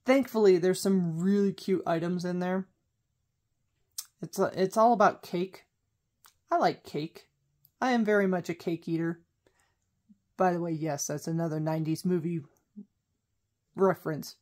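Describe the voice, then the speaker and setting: A woman's voice: lowish voice, steady tone, a little slow, pauses often, darkish tone. A woman vlogger in casual chat, rambling and correcting herself as she goes. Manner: rambling, self-correcting, chatty.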